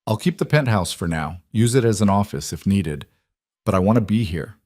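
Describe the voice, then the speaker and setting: Narrator doing a low, steady, earnest wealthy man, forties, dry. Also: normal speed, dry recording.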